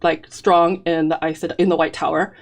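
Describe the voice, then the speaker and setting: Excitable woman spinning fan theories. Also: low-pitched, fairly quick. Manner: excited, theorizing, many fillers. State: out of breath. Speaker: podcast co-host. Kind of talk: casual fan discussion.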